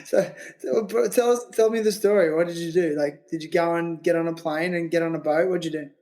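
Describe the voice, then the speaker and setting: A man's voice: a little high, fairly even intonation, a little fast, warm tone. A man hosting a podcast, asking questions in a teasing, jokey way with lots of fillers. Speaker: podcast host. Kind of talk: casual interview chat.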